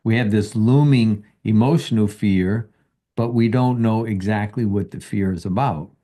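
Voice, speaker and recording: A man's voice: on the low side, normal speed, warm tone. A man coaching a guest through anxiety, drawing him out with probing, leading questions. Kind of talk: live coaching session.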